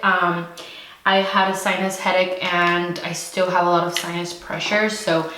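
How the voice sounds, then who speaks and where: Young woman vlogger from California, slightly low voice, breathless and slangy, echoey room with faint hiss. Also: fairly bright tone. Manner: chatty, slangy, eating while talking. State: out of breath, pregnant. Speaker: YouTube host. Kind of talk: casual mukbang chat.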